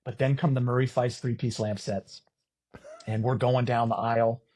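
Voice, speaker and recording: Husky, animated middle-aged storyteller man. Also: medium pitch, normal speed. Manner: animated, profane, self-mocking. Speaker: podcast guest, former volleyball player and announcer. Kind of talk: casual storytelling.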